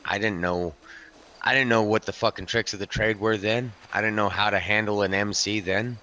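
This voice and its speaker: A hardened biker club enforcer from a role-play game, voiced by a man. His voice sits low, with a forceful, bright edge, and he swears his way through a rambling yarn, calling the listener by name. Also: steady tone, normal speed. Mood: grim storytelling. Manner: profane, rambling storyteller; keeps addressing the listener by name. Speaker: roleplay character telling a story.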